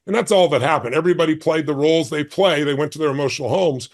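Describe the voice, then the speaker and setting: A man's voice: fairly high pitch, fast talker. A man in his sixties, a guest on an interview show, telling a story with intense emphasis and acting out the dialogue. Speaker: guest speaker.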